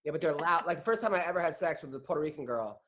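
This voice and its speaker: A man's voice: a little high, animated, racing, fairly bright tone. A man hosting a comedy podcast, wisecracking and teasing his guests. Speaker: podcast host. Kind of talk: casual comedic chat.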